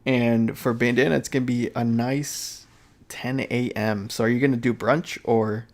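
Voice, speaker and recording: A man's voice: mid-range voice, steady tone, moderate pace. A tired young man chatting casually on a live stream, rambling with many fillers, restarts and laughs. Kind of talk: casual chat.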